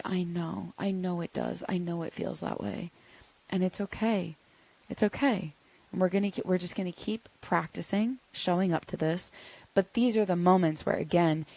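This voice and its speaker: A woman hosts her own podcast, talking listeners through hard feelings in an earnest, coaching way. Her voice sits a little low and is recorded close and dry. She softens to a near hush when she says comforting words. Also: no room sound. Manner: earnest, gently coaching, drops to a soft hush when voicing reassurance. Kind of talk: reflective solo podcast talk.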